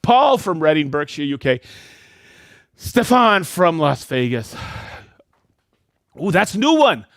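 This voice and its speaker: A man's voice: a little high, very animated, slow pace, pauses often, no echo, studio quality. A man hosting a live stream, upbeat and jokey, reading out viewers' names and hometowns. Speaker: host of a live product show. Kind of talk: livestream shout-outs to viewers.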